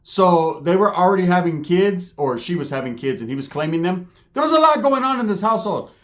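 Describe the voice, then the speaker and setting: A man telling a profane comedic story, slipping into high squeaky character voices. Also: very animated. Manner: rapid slangy delivery, jumps into high squeaky character voices.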